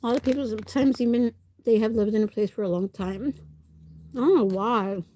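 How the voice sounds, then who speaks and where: A woman's voice: on the high side, brisk, dark tone, a little hiss or hum. A woman livestreamer with a stuffy nose, chatting casually with viewers while she eats and answering their comments. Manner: chats while eating, talking with food in her mouth.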